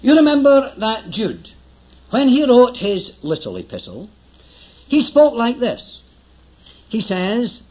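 A man's voice: very high voice, sing-song, slow pace, long pauses, lo-fi sound. An older man preaching a sermon in an earnest, emphatic way, often urging his listeners to listen closely.

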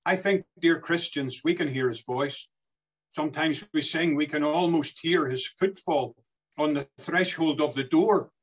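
A man's voice: fairly high pitch, measured pace, breathy edge, low-quality recording. A man preaching a sermon in an earnest way, his voice rising and falling as he quotes scripture.

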